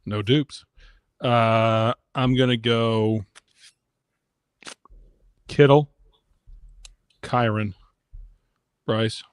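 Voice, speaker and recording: A man hosts a casual fantasy football and betting show in a mid-range voice. He runs through picks briskly and ribs his co-hosts between them. The sound is dry and close, with no room tone. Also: on the low side, steady tone, clear, resonant tone, dry recording. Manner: brisk, runs the draft order, teasing. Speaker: podcast host. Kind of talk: casual sports betting chat.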